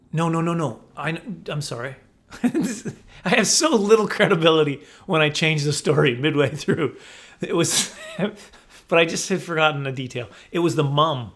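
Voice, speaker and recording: A man tells a funny story straight to the camera. His voice sits a bit high for a man, and he rambles, corrects himself and laughs as he goes. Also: measured pace, a bit bright. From Canada. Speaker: comedian vlogger.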